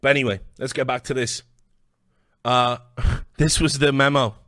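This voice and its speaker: Brash British commentator; heated, combative rant with stammered restarts, dry and close. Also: male voice, medium pitch, fairly even intonation, moderate pace, fairly bright tone, dry recording. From Britain. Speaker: online commentator. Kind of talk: angry video rant.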